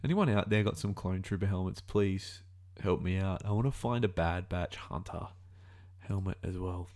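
A young Australian man talks through a casual reaction video with a somewhat low voice. He muses aloud as he goes, drifting between thoughts and correcting himself mid-sentence. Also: moderate pace, a little mellow. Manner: musing aloud, rambling, self-correcting.

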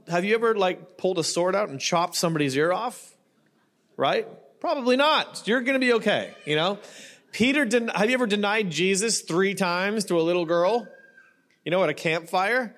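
A man's voice: sits high, fairly bright tone. A middle-aged male pastor preaching in a loose, joking, conversational way, often checking in with the congregation. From not Australian. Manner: conversational, joking, frequent "right?" and "you know". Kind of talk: sermon.

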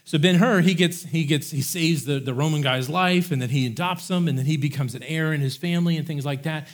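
A middle-aged man preaching a sermon as pastor, talking in a relaxed, conversational way and retelling scripture in everyday words. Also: on the high side, brisk. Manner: conversational, paraphrases scripture in a casual voice.

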